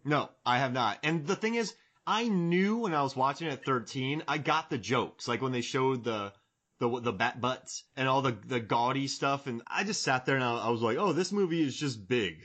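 A man in his forties hosts a casual podcast conversation, drifting from one comic bit to the next. His voice sits at an ordinary middle pitch, and he jokes his way through long, rambling thoughts. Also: animated, moderate pace, a bit bright. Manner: joking, rambling, fond of bits. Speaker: podcast host.

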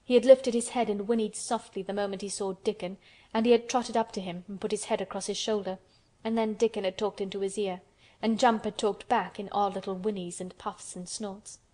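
A woman narrating a classic children's novel as an audiobook, in a gentle, even storytelling manner. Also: medium pitch, brisk.

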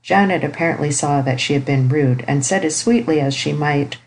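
Brief: woman narrator, low voice, measured audiobook reading. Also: darkish tone, rough recording. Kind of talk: scripted narration.

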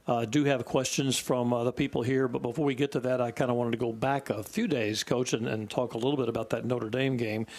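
Radio show host, chatty and easygoing, man's mid-pitched voice, broadcasting live from a venue. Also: steady tone, a little fast, hardly any pauses, darkish tone. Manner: chatty, easygoing, laughs often.

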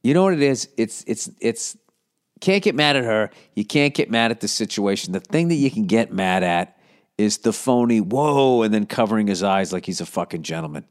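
A man's voice: lowish voice, expressive, a little fast. A man hosting a casual advice podcast, talking in a blunt, profane, rambling way. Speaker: podcast host answering listener questions.

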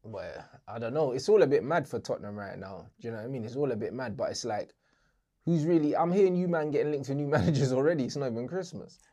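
A man's voice: medium pitch, lively intonation, quick pace, warm tone. A man chatting casually about football, laid-back and wry.

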